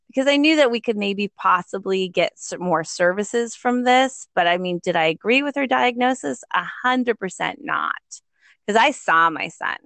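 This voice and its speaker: A middle-aged woman, a guest telling a personal story in an animated, conversational way, often acting out the voices of others and laughing. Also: medium pitch, normal speed, gravelly, no echo. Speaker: guest, parent.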